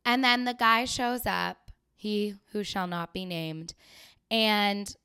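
A woman's voice: mid-range voice, takes it slowly, bright, forceful tone, clear, resonant tone. A young woman, hosting a podcast and telling a story casually, chatty and sarcastic, laughing often. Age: young adult. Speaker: podcast host.

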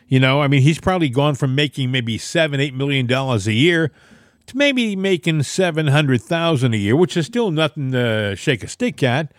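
A man's voice: a little high, animated, normal speed, dry recording, studio quality. A man co-hosting a casual political talk show, telling stories in an emphatic, opinionated way. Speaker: podcast co-host.

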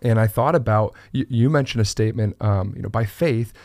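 A man's voice: lowish voice, a little fast, dry recording. Earnest pastor man, dry close mic. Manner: earnest, animated, with frequent fillers and restarts. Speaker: pastor, podcast co-host. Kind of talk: conversational church podcast discussion.

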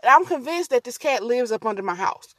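A woman hosts a casual solo podcast, her voice sitting a bit high. She rambles and drifts off track easily, talking to listeners as y'all. The sound is close and dry, with no room echo. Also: lively intonation, a little fast, fairly bright tone. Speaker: podcast host.

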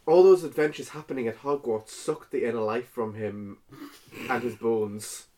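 A man casually reading fan fiction aloud for laughs, halting and tripping over words. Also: mid-range voice, dark tone.

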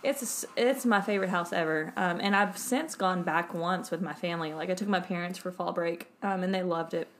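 A woman, an English teacher, telling a story in a casual chat with a friend, animated and laughing through the funny parts. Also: on the low side, brisk, few pauses, a little hiss or hum. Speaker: podcast co-host and English teacher.

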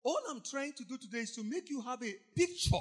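A man preaching an impassioned sermon, repeating phrases, shouting and breaking into song. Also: very high voice, lively intonation, quick pace, breathy edge. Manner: impassioned, repetitive, bursts into shouting and snatches of song.

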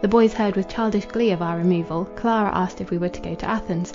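A woman reading a classic novel aloud as a podcast narrator, in a measured, formal manner. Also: mid-range voice, fairly even intonation. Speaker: audiobook narrator. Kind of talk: scripted literary narration. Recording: dull lo-fi with faint music.

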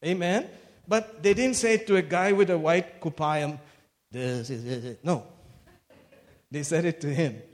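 High-voiced preacher in an echoey hall. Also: male voice, unhurried, pauses often. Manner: animated, swings between loud exclamations and hushed retelling. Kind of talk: sermon.

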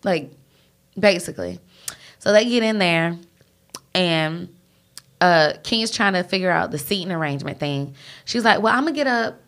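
A woman's voice: lowish voice, moderate pace, pauses often, a bit bright. A woman animatedly retelling reality TV drama in casual chat, swearing freely and slipping into slangy voices for the people she recaps. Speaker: podcast co-host recapping reality TV.

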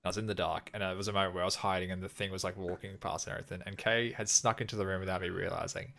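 A man telling a story casually as a podcast guest, excitable and quick to laugh. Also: low voice, gravelly. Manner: excitable, bursts of laughter and sudden loud peaks.

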